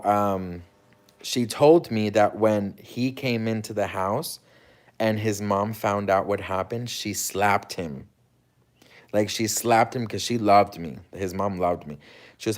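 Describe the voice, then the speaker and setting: A man telling a dramatic personal story in casual chat, acting out quoted lines and swearing freely. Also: lowish voice. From United States. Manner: animated, dramatic retelling with quoted dialogue and swearing. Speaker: host.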